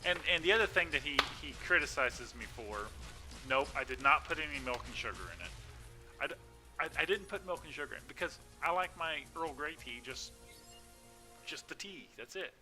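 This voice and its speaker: A man's voice: on the high side, lively intonation, fairly quick, bright, forceful tone, faint music behind. A man chatting casually and laughing often while live-streaming a game.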